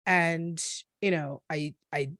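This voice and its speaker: A woman in her forties, a NICU parent, tells her personal story as a guest in a podcast interview. Her low, slightly bright voice has fairly even intonation, recorded dry and close with no room sound. She speaks earnestly and reflectively, often halting and restarting mid-sentence.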